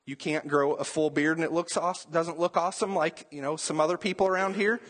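A man's voice: on the high side, steady tone, a little fast, fairly bright tone. A young adult man, a pastor, preaching a sermon in a casual, conversational way with joking asides.

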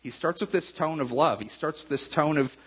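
A man pastor preaching a sermon to his church in a relaxed, conversational way, often repeating words and checking in with the room. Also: on the high side, brisk, husky. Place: church sanctuary. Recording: long hall reverb.

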